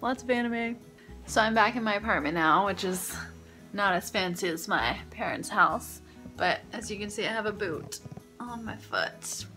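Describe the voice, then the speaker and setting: A woman's voice: fairly high pitch, a bit bright. A young woman vlogging from her apartment, talking casually and rambling with self-mocking humor. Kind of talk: casual vlog chat.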